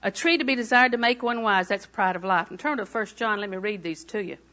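A woman in her sixties preaching a sermon, repeating phrases for emphasis and moving between quiet asides and loud declarations. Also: medium pitch, brisk.

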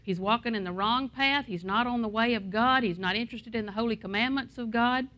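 A woman's voice: on the high side, brisk, pushed and bright. A middle-aged woman pastor preaching a sermon in a conversational way, with asides and anecdotes.

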